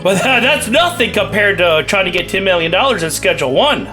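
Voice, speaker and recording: Young male let's-player, bright and fairly high, rambling and jokey. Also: big pitch swings, a little fast, soft background music. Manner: joking, rambling, playful asides with laughs. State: recovering from a cough. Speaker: gaming channel host. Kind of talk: casual let's play commentary.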